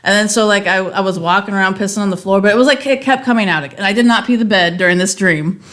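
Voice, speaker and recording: A woman's voice: medium pitch, fast talker, fairly bright tone. A woman and mother co-hosting a podcast, telling long stories in casual chat with plenty of fillers. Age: adult mother. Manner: chatty storyteller, lots of fillers. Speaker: podcast co-host.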